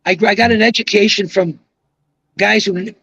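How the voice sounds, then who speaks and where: A man's voice: high-pitched, steady tone, a little fast, sharp tone, dry recording, muffled recording. A man in his seventies, a retired bowling pro, telling long rambling stories with emphatic asides in casual podcast conversation. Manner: rambling, emphatic anecdotal storyteller. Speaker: guest, retired pro bowler.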